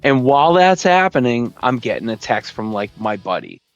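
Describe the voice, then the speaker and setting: A podcast host with a mid-range, sing-song voice rants at normal speed from his home basement gaming room, swearing in a casual, rambling comedic way and imitating his friends with put-on voices. The sound is lo-fi, with faint music in the background.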